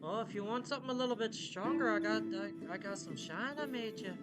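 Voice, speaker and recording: A man doing a gruff tavern keeper, shaky Scottish. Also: high voice, close to an everyday voice. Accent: attempted Scottish. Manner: loud, halting, folksy, calls people laddie and lassie. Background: music.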